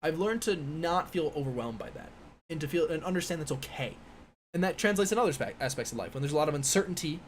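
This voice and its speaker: Speaking fast and expressively in a fairly high voice, an American physics PhD student in his twenties runs a casual live-stream Q&A. Seated in an indoor room with a window and slight background noise, he reads viewers' questions aloud and wanders through answers full of fillers and restarts.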